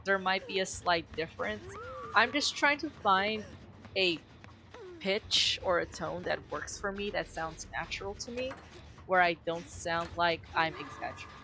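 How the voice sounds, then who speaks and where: Gruff-voiced woman streamer, casual chat. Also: unhurried, pushed and bright. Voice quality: gruff, slightly rough voice. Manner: speaks in a low, somewhat forced register; candid and musing. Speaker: game streamer.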